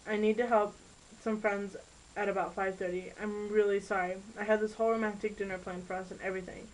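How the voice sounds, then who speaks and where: An earnest teenage boyfriend who keeps apologizing, as a woman reads him aloud in an amateur storybook recording. The voice sits at an ordinary pitch. He sounds sweet and devoted. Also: flat delivery, a little fast, slight background noise, close to an everyday voice, low-quality recording. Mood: apologetic.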